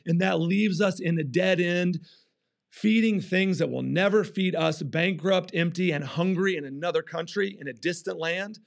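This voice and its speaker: A man's voice: sits high, normal speed, vocal fry. A male pastor preaching a sermon in church, acting out quoted complaints with restarts and fillers. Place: church stage.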